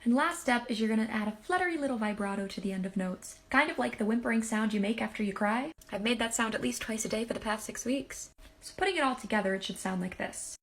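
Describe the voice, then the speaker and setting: A woman's voice: fairly high pitch, quick pace. A woman explaining step by step, in an upbeat and chatty way, how to sing like pop singers. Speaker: singer and impressionist. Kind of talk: casual singing tutorial.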